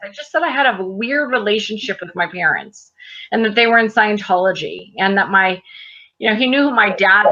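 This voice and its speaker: A woman's voice: fairly high pitch, sharp tone, dull audio. A woman in her thirties telling a personal story in casual conversation, animatedly acting out the dialogue. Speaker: guest.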